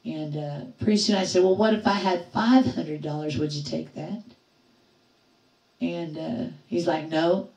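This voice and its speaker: Middle-aged woman host, chatty livestream storyteller, lively quoted voices, echoey room, mic at a distance. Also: deep voice, unhurried. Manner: animated storyteller acting out quoted voices, laughing often. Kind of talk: casual storytelling to live chat.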